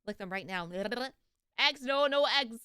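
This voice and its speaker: Young woman streamer, bubbly, giggly, high bright voice, very lively, dry close mic. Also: takes it slowly, smooth, no echo. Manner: bubbly, giggly, greets chatters excitedly. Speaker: streamer reacting to videos. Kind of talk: casual live-stream chat.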